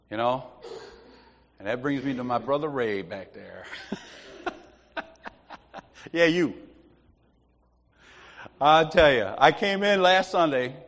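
A man's voice: medium pitch, fairly bright tone. A man giving an informal church teaching, telling anecdotes, often laughing and acting out the people in his stories. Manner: storytelling, laughs often, acts out others. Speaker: lay preacher. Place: church sanctuary. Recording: long hall reverb.

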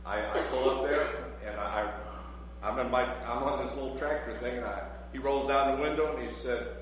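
A man's voice: medium pitch, moderate pace. Hesitant man in an echoey church. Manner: hesitant, with fillers and restarts. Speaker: congregation member sharing a story. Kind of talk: casual testimony. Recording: very echoey, dull, noisy room sound.

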